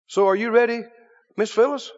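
A man's voice: very high-pitched, moderate pace, big-room sound, lo-fi sound. A male pastor delivering a sermon, preaching emphatically and checking in with the congregation through repeated questions. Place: church sanctuary.

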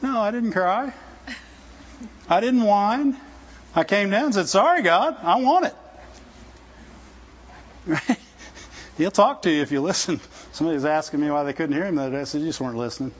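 A man preaching in a loose, chatty way, with a high, light voice. He keeps checking in with his listeners through quick rhetorical questions. The sound is a little dull and lo-fi. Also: animated. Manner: conversational, folksy, with laughs and rhetorical questions. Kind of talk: sermon. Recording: dull lo-fi recording.

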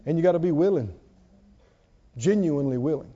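A man with a fairly high, dark-toned voice preaches a brisk, expressive sermon to a congregation, prompting them to answer and repeat lines after him. He's in a church hall, and the recording sounds dull, with long reverb.

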